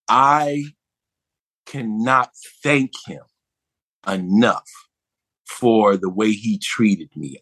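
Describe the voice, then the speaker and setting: Animated man telling a story. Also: lowish voice, slightly rough. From Buffalo, New York. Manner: animated, acts out others' voices in anecdotes. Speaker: actor and guest. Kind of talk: conversational storytelling.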